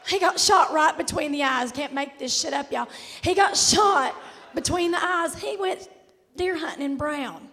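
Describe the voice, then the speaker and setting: Sassy southern lady comic, raspy and high, live in a big echoey hall. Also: measured pace. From Kentucky. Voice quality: raspy, hoarse-sounding voice all the time. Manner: sassy, drawling, loud bursts to the crowd. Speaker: stand-up comedian. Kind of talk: stand-up comedy set. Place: large theater stage. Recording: live stage with hall echo, faint noise.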